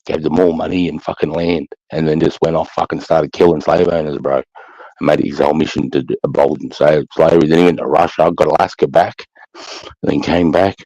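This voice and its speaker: Podcast host, man, very low and gravelly, rambling sweary chat, dry muffled mic. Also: fairly even intonation, brisk, mellow, no room sound. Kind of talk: casual chat. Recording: dull dry sound.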